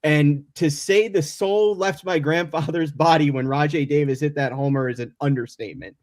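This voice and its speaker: A man from the Chicago area, joining as a guest on a remote call mic, rambles through casual stories packed with tangents and apologies. His voice is on the high side and a little mellow, at a normal speed.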